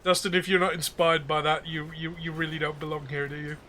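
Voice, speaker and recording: Game master, man, high bright voice, chatty, filler-heavy. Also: flat delivery, fairly quick. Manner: chatty, joking narration with fillers. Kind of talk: narrating a tabletop game.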